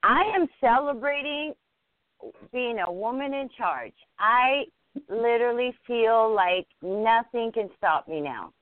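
A woman podcast guest talking earnestly and upbeat about her plans, often halting and restarting. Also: on the high side, lively intonation, no echo. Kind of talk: casual interview. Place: home. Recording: dry, phone-like line.

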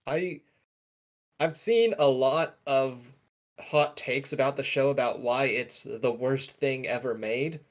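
A young podcast co-host chats casually in a mid-range voice at a slow pace. He's enthusiastic and rambling, often correcting himself mid-sentence.

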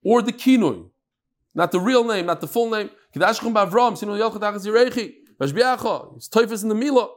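A man teaching a daily Talmud class, mixing Hebrew and Aramaic terms into lively English explanations. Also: quick pace, few pauses. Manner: animated, jumping pitch and pace.

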